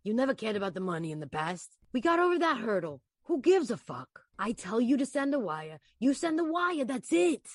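A woman voicing a controlling male con man, reading the scene in a flat, pushy way during a casual read-through. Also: on the high side, brisk, few pauses, no room sound, studio quality.

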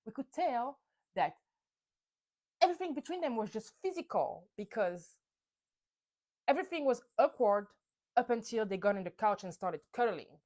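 A woman's voice: a little high, poor audio. A young woman hosting a solo podcast, recapping reality TV in a heated, profane rant. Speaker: podcast host.

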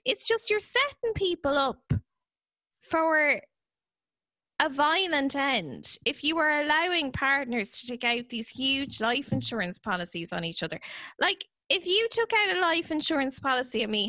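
An Irish woman hosting a podcast, chatting casually and telling stories with an animated, giggly manner. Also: high-pitched, moderate pace, no echo. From Ireland. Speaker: podcast host.

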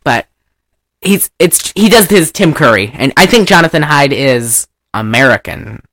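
A woman's voice: low-pitched, a little slow. A woman hosting a casual chat, rambling through a film recap and slipping into mock voices. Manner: rambling and animated, breaks into loud laughter and mock accents. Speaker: podcast host recapping a film.

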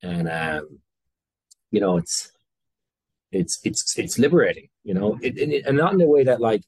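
A man's voice: on the low side, sing-song, normal speed, a little mellow, breathy edge, no room sound. A man with an Irish accent, talking candidly as a guest in an interview, rambling and interrupting himself as he goes. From Ireland. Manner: rambling, self-interrupting, candid with casual swearing. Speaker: guest entrepreneur. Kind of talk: conversational interview.

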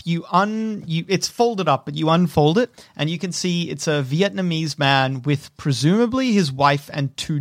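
A man narrating as game master in a tabletop role-playing game, unhurried and descriptive, with frequent restarts. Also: a little high, a bit bright, no echo, clean studio sound.

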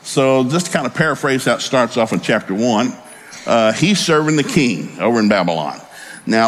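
A pastor preaching a sermon in a folksy, storytelling way with joking asides. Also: male voice, medium pitch.

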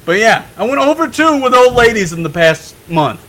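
A young man on a podcast telling a story in a casual, animated way, swearing freely and laughing as he goes. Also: very high-pitched, normal speed, rough recording. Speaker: podcast guest.

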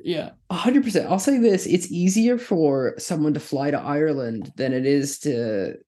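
A woman from Minnesota, chatting casually on a comedy podcast in an animated, laughing way. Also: sits low, moderate pace. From Minnesota, USA. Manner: animated, laughing, swearing, trailing off. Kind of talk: casual chat.

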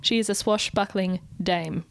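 A woman's voice: mid-range voice, a little slow, gravelly, no echo. A woman co-hosting a podcast, telling a story in a chatty way and laughing often. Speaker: podcast co-host. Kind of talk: casual chat.

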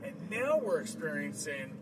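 A man's voice: a little high, big pitch swings, moderate pace. Rambling man talking from a noisy car. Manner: rambling, jokey, many fillers. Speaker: podcast host. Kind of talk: casual chat while driving. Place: inside a moving car. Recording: distant mic with loud road noise.

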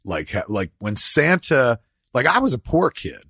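A man hosting a casual podcast chat, telling profane, animated stories and slipping into quick put-on voices. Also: mid-range voice, vocal fry, breathy edge, dry recording, clean studio sound.

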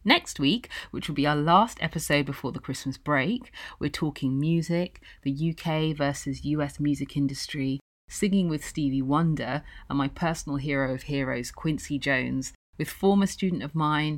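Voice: medium pitch, normal speed, few pauses. A podcast host thanking a guest and then reading the show's outro to listeners. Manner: encouraging, affirming listener with frequent "mm-hmm".

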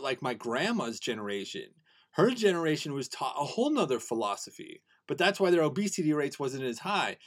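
A fairly high-voiced young man talks alone into his podcast mic. He is earnest and excitable, and he rambles and restarts as he goes. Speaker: podcast host. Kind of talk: solo podcast monologue.

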